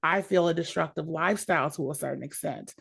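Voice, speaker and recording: A woman in her thirties speaks in a low voice with a lot of gravelly fry. She hosts an interview and talks in a thoughtful, measured way. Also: fairly bright tone. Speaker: host. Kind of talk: casual interview.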